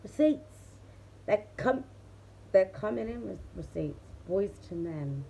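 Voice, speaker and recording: A woman's voice: medium pitch, animated, slow, vocal fry, dark tone, slightly rough. A woman tarot reader chatting casually to her viewers, laughing often and talking straight to the audience. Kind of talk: casual tarot reading chat.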